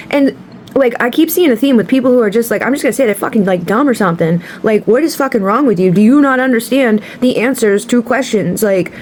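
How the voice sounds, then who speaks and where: A woman's voice: a little high, darkish tone, slight background noise. A woman giving a tarot card reading to camera, talking bluntly and passionately and swearing freely. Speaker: tarot reader.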